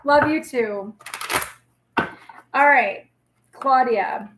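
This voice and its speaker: A woman's voice: sits high, extremely slow, reverberant, noisy background. A woman in her forties hosting a casual live tarot reading, chatty, blunt and reassuring as she talks straight to viewers.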